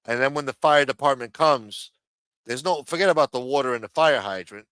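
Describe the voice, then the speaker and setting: A middle-aged man from the United States rants angrily into a streaming microphone, swearing nearly every sentence. His voice sits at an ordinary male pitch, and the sound is dry and close with no room around it. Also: brisk, fairly bright tone, smooth, dry recording. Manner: profane, angry ranting. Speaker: show host. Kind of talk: ranting livestream commentary.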